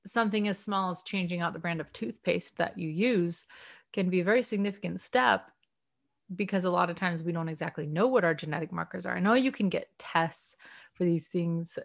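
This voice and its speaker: Gravelly-voiced woman leading a chat. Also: fairly low pitch. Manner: thinks aloud, chatty and earnest with soft laughs. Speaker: study group discussion leader. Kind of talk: casual group book discussion.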